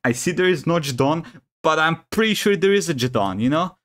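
A woman streamer reacting to clips, talking in an animated way with laughs and dramatic outbursts. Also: sits low, a little fast. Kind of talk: excited reaction commentary.

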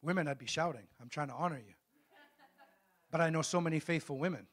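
A middle-aged male pastor delivering a sermon, his voice pitched a touch high for a man. He throws questions out to the congregation and waits for replies. When he reads scripture, he slows down and leans hard on each phrase. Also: a bit bright. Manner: call-and-response preaching, asks the congregation questions; reads scripture slowly and emphatically.

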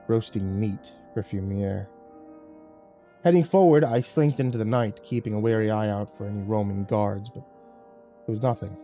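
A man's voice: medium pitch, dark tone. A man narrating a first-person horror story in a dramatic, scripted telling.

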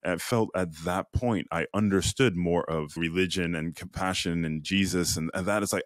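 A deep, low-pitched man speaks close to the mic, his voice dry with no room sound. He tells his personal story earnestly and reflectively as a podcast guest, acting out the inner questions he heard. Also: moderate pace, hardly any pauses, no echo. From Chicago. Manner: earnest, lively retelling with quoted inner voices.

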